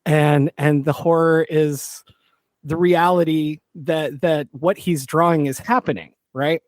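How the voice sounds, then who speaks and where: Man, casual podcast host, rambling, excitable, dry close mic. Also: on the high side, slow, no echo. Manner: rambling, excitable, swears freely.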